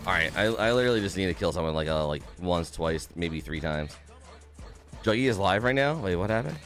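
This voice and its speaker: Animated and fairly quick, the voice sits low and has a fairly bright tone, with soft music in the background. It's a young man chatting casually and cheerfully while streaming a game, welcoming viewers by name and swearing from time to time.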